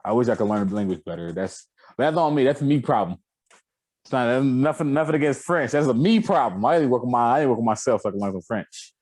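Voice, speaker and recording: A young man co-hosting a casual sports podcast, talking in an animated, laughing way with a jumpy pitch. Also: fast, dry recording. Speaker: podcast co-host.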